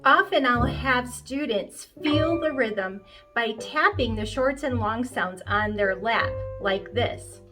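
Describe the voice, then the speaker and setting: A woman's voice: a little high, slow pace. A woman music teacher explaining a rhythm activity for young children, chanting short and long beats as she demonstrates. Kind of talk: instructional explanation.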